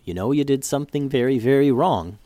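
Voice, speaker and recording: A man's voice: medium pitch, expressive, fairly quick, mellow, dry recording, lightly acted. A stern but caring father in a children's story, read by a man close to his own voice. He speaks plainly and firmly. The sound is dry and close. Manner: stern, direct.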